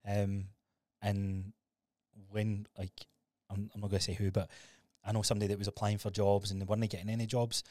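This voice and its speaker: A man co-hosting a podcast, telling stories in a sweary, animated, casual way. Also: fairly low pitch, fairly quick, dry recording, clean studio sound. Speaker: podcast co-host.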